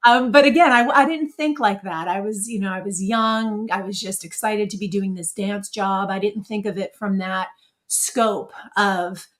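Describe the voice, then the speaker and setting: A middle-aged woman speaking as an interview guest, telling animated stories with lots of laughter. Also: mid-range voice, normal speed. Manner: animated, laughs often, quotes others in her stories. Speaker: interview guest, former dancer. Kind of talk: casual interview storytelling.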